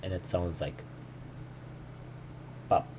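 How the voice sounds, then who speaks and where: A man recording himself while learning Korean, thinking aloud and repeating phrases slowly in a casual way. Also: low-pitched, steady tone, warm tone, slight background noise. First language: English.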